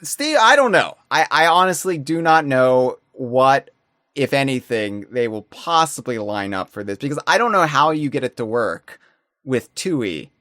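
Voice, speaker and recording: A man hosting a podcast, chatting casually and telling stories with excitable energy. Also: medium pitch, measured pace, dry recording, clean studio sound. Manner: animated, excitable storytelling. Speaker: podcast host. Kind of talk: casual chat.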